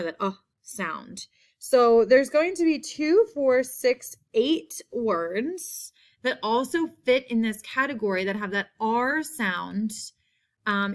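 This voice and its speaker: Slow, patient woman teaching spelling. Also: on the high side. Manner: slow and patient, repeating each word. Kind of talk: spelling lesson for children.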